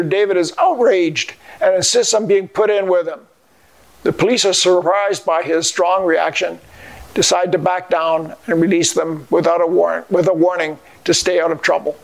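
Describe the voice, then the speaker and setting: An older man delivering a scripted devotional message in an earnest, measured way. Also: high voice, gravelly. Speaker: Christian speaker.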